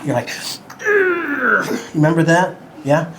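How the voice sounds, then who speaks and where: A man teaching a Bible lesson to children at home, talking slowly and simply, a bit cartoonish, and asking the kids questions. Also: mid-range voice, expressive, noisy background.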